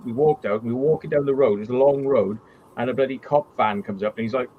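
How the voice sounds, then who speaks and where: A blunt man with a mid-pitched voice chats casually on a live stream and tells his stories with plenty of swearing. His audio is slightly dull and lo-fi, with a faint hiss underneath. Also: fast talker. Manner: blunt storyteller with heavy swearing. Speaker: channel host.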